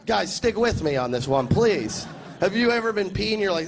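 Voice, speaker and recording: An American man performing a stand-up comedy set, sarcastic and deadpan, mock-outraged when quoting people. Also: sits high, moderate pace, gravelly, slight background noise. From United States. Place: large comedy festival stage with cheering audience.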